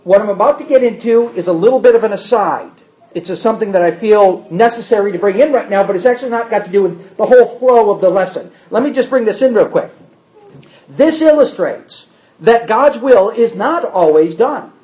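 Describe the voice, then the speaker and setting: A man's voice: sits high, animated, brisk, mellow, lo-fi sound. A man teaching a Bible class, explaining carefully, repeating key points and adding wry asides.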